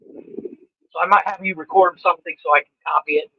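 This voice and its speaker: A man co-hosting a casual comedy podcast in a high voice, talking in an easygoing, offhand way. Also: steady tone, a little fast, breathy edge, dull audio. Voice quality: high voice, self-described as sounding like a little girl. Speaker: podcast co-host.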